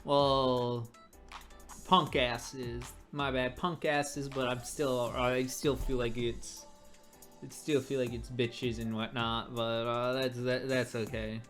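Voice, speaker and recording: A webtoon reader giving casual, excitable commentary, laughing often and stammering repeats. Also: mid-range voice, takes it slowly. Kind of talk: casual commentary over a comic. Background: faint background music.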